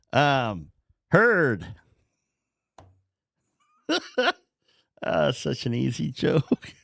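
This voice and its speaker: A man's voice: on the high side, wildly swooping pitch, extremely slow, gravelly, pauses often, fairly bright tone, dry recording. A man hosting a casual podcast, joking, laughing often and swearing as he talks. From North Dakota. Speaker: podcast host.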